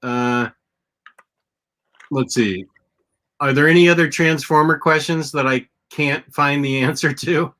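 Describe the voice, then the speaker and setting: Bright-voiced man hosting a casual chat. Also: fairly high pitch, unhurried, long pauses. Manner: rambling, lots of restarts and fillers. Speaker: podcast host.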